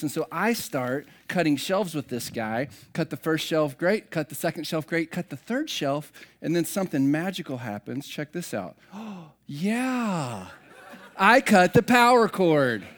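A man in his thirties, a campus pastor, telling a funny, self-deprecating story to open his sermon. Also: fairly high pitch. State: slightly out of breath at start. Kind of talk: humorous sermon opening.

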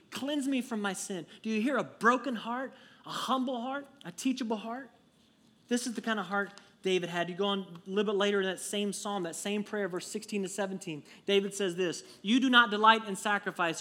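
A man preaching a sermon to his congregation, conversational and earnest, dropping to a hush and then rising to emphatic peaks. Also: fairly high pitch. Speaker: pastor.

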